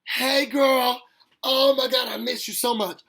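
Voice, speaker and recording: A fawning, over-sweet young woman, as a man puts her on gushes in a squealing high voice with a breathy, husky grain. Her chatter tumbles out breathless and flattering, pitched far above a man's usual talk. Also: unhurried, heavily acted. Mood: gushing.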